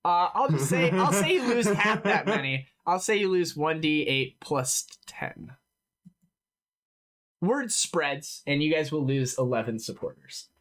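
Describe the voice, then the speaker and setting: A man's voice: fairly high pitch, expressive, a little slow, a bit bright. A man narrating a tabletop role-playing game as game master, talking casually with many fillers.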